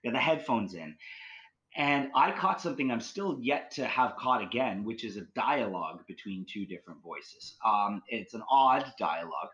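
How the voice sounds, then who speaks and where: A man's voice: fairly low pitch, lively intonation, normal speed, fairly bright tone. A man telling ghost stories as a podcast guest, rambling with many likes and restarts. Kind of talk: casual storytelling.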